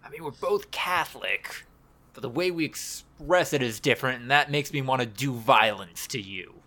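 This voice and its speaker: A man hosting a casual podcast, opening with a drawn-out, announcer-like intro. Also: medium pitch, pushed and bright. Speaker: podcast host.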